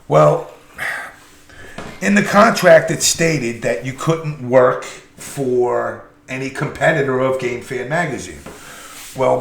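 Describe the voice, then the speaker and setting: A middle-aged man hosting a podcast, telling a profane, animated story full of quoted dialogue. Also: medium pitch, gravelly. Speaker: podcast host. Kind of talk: casual storytelling. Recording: echoey room with faint noise.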